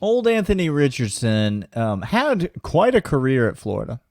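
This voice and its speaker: A man's voice: mid-range voice, wildly swooping pitch, normal speed, a little mellow, dry recording, clean studio sound. A man co-hosting a sports podcast, sarcastic and mock-serious. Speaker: podcast co-host. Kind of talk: casual sports chat.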